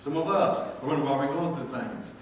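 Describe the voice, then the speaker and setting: Folksy preacher in echoey church. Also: male voice, mid-range voice, lively intonation, a little fast, slight background noise. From North Carolina, US. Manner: folksy, jokey, builds to shouted praise. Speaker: pastor. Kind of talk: storytelling sermon. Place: large church sanctuary. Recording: echoey church hall from far off.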